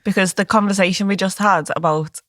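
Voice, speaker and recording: A woman's voice: medium pitch, fairly even intonation, fairly quick, fairly bright tone, no room sound, studio quality. A woman co-host, blunt and cheeky with her quips in casual podcast chat.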